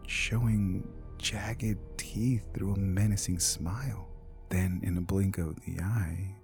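A male narrator tells a scripted horror story in a low, gravelly, mellow voice. He often drops to a hushed near-whisper, with faint music underneath. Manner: hushed, half-whispered delivery.

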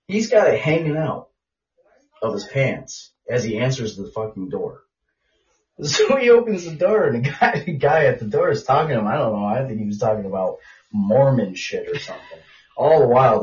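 A man co-hosting a podcast, telling crude stories in an animated way, laughing often and swearing a lot. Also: mid-range voice, normal speed. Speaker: podcast co-host. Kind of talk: crude casual chat. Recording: roomy, distant, dull lo-fi sound.

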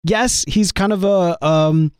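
A man's voice: high voice, takes it slowly, darkish tone, smooth, no room sound. Man, host, weak strained sick voice, rambling, enthusiastic, dry close sound. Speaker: podcast host. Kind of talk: casual fan discussion.

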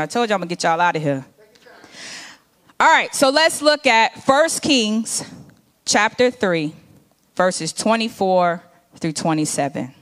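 A woman's voice: on the high side, a bit bright. A woman minister preaching a conversational sermon, acting out scenes from the scripture.

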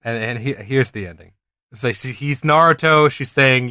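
This podcast co-host speaks at a normal speed with a medium-pitched voice that's pushed and bright. He reads a listener's story in quotes during a casual chat, pausing for chatty asides and laughs, in a studio-quality recording with no echo.

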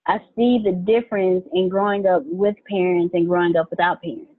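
A woman's voice: fairly low pitch, steady tone, a little fast. A woman chatting candidly in casual talk, laughing and repeating phrases. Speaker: co-worker of the host. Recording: tinny phone-like line.

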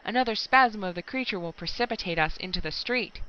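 A woman reading aloud voices an excitable male scientist who cries out in a high, urgent voice. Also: a little fast, dull audio, close to an everyday voice. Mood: panicky.

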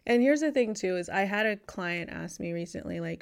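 A woman's voice: mid-range voice, lively intonation, normal speed, vocal fry, clear, resonant tone. A woman hosting a podcast as a dating coach, talking things through in a reflective way and explaining with analogies. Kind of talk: casual podcast conversation.

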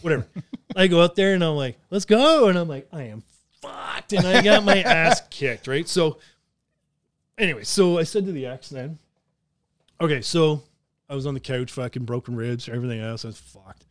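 A man's voice: a little high, normal speed, dry recording. Swearing, laughing man telling stories. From southern Ontario, Canada. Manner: profane, laughing, animated storyteller. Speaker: podcast host. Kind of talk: casual storytelling.

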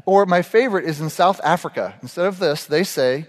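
A man's voice: sits high, fairly quick. A middle-aged man giving a casual, humorous sermon to a group. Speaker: pastor. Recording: echoey hall reverb.

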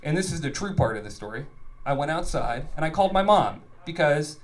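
A man's voice: on the high side, expressive, fairly quick. A man in his thirties telling a funny personal story on stage in a loose, rambling, profane way. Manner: loose, profane, rambling delivery with acted-out quotes. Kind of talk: live comedic storytelling.

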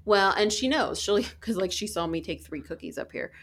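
A woman in her thirties talks casually and candidly about parenting, swearing freely and often restarting her sentences. Her voice is medium-pitched and animated at a moderate pace.

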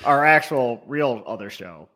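A man's voice: medium pitch, lively intonation, a little slow, a crowd in the background. A man co-hosting a podcast, chatting casually and making wry jokes. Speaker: podcast co-host. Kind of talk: casual chat.

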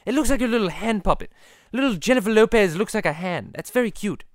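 A man with a Boston accent hosting a rambling comedy podcast, crude, giggly and easily excited. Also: high-pitched, quick pace, no room sound, clean studio sound.

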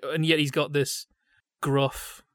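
A man's voice: fairly high pitch, little pitch movement, slow, no echo, clean studio sound. A man co-hosting a podcast, talking in a thoughtful, discursive way that drifts from point to point. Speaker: podcast co-host.

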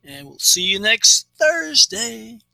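A man's voice: extremely high pitch, sing-song, takes it slowly, vocal fry. A man hosting a casual show, friendly and hesitant, with fillers. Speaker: show host.

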